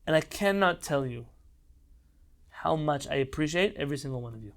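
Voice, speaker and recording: Brief: male rabbi, higher-pitched voice with gravel, impassioned online Torah lesson, repeats lines for emphasis. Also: lively intonation, fairly quick. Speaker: rabbi teaching a Torah class.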